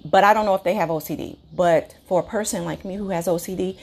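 A woman with a somewhat low voice hosts her own podcast as a casual solo monologue. She talks candidly, often restarting sentences and filling pauses as she works through her thoughts. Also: creaky, darkish tone. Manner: candid, conversational, with frequent restarts and fillers. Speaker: podcast host.

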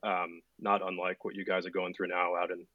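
Modest male podcast guest, low voice, dry muffled recording. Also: flat delivery, fairly quick, no room sound. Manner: self-deprecating, hesitant with fillers. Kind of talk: casual storytelling chat. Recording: dull lo-fi sound.

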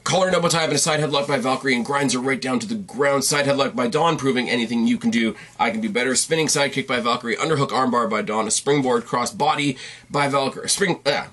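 Speaking quickly in a mid-range, slightly bright voice, this male podcast host reviews wrestling from a desk on camera. His recap is casual and meandering, peppered with dry asides and corrections of himself, and he comes across as stuffed-up and weary.

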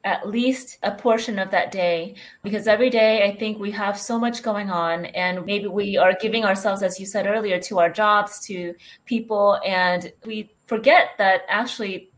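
A woman's voice: mid-range voice, fairly even intonation, moderate pace, hardly any pauses. A woman who works as a transition coach, answering interview questions in an earnest, reflective way.

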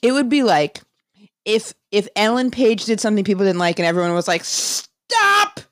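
A woman's voice: mid-range voice, a little fast, no echo. A woman podcast host and comedian talking in a casual solo monologue, rambling and jokey, often cutting herself off mid-thought. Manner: rambling, self-interrupting, jokey.

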